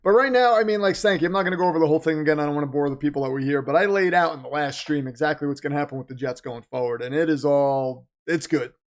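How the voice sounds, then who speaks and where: A man's voice: fairly high pitch, rapid-fire, few pauses. A man hosting a live game watch-party stream, chatting casually, joking and reading out donations. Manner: chatty, joking, reads donations aloud, mocks the team's managers. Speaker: livestream host.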